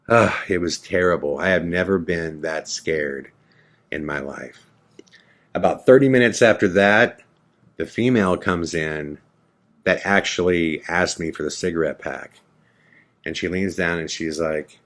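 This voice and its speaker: A deep-voiced man tells a story from his own life, with a lot of drama in it. He acts out what each person said as he goes, and his voice sits low the whole time. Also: measured pace. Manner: dramatic storytelling, acting out quotes. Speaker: podcast host.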